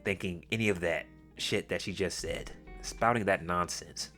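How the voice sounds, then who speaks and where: A man with a very deep voice delivers crude, mocking reaction commentary. He is blunt and sarcastic throughout. Quiet music sits behind him. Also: steady tone, normal speed. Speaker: commentary host. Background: faint background music.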